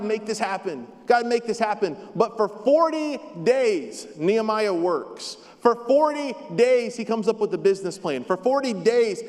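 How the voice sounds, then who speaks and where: A man's voice: high-pitched, a little mellow. A man preaching a sermon as a pastor, emphatic and repetitive with touches of light humor, heard in a church sanctuary. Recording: long hall reverb.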